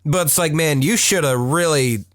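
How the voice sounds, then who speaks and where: A man's voice: a little high, normal speed, no echo, studio quality. A man co-hosting a casual cartoon podcast, chatty and laughing often as he talks through the episodes. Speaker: podcast co-host. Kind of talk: casual chat about cartoons.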